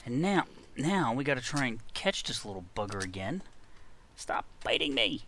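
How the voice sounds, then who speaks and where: While playing a game, a man chats casually to himself, exclaiming often. His mid-range voice has a sing-song, fairly bright quality at a moderate pace, fitting for a gaming video creator.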